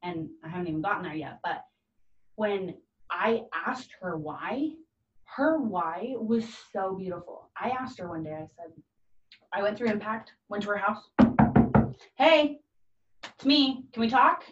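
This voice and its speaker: In a casual conversation, a mother with a medium-pitched voice speaks at normal speed with lively intonation. Earnest and heartfelt, she performs the voices of anyone she quotes. The audio is dull, distant, and echoey.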